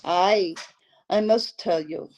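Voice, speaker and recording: A woman voicing a creepy anonymous male caller who speaks low and breathy with a clumsy fake accent. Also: expressive, slow pace, a little mellow, muffled recording. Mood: creepy, insinuating. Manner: poorly done vaguely French accent.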